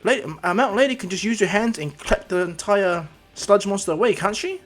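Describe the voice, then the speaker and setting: A man's voice: lively intonation, fairly quick, soft background music. A man voicing an earnest teenage boy hero with huge powers in a fan-made story, in a raised, keen voice. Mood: eager. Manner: higher, earnest voice, turning cold and commanding.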